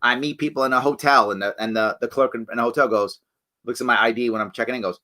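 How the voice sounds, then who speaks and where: A man's voice: mid-range voice, fairly even intonation, fast talker, sharp tone. A man hosting a live talk show, speaking emphatically and answering viewer comments, often tagging points with "right?". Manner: emphatic, repeats "right?" and restarts.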